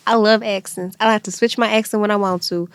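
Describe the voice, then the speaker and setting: A woman's voice: mid-range voice, a little fast, clear, resonant tone, dry recording, studio quality. A young woman from Nigeria, with a Nigerian accent blended with British, chatting casually as a podcast guest and acting out the voices she quotes. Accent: Nigerian with a British overlay. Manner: animated storyteller, acts out quoted voices. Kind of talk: casual chat.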